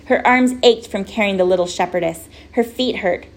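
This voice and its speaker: Gravelly-voiced woman reading a storybook. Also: mid-range voice, normal speed. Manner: gentle, wry storytelling. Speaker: audiobook narrator. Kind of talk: scripted storybook narration.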